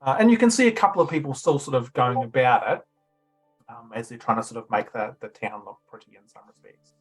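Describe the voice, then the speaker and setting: A man narrating a tabletop game as game master, describing scenes in a relaxed, loose way. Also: mid-range voice, fairly quick, breathy edge, soft background music, rough recording.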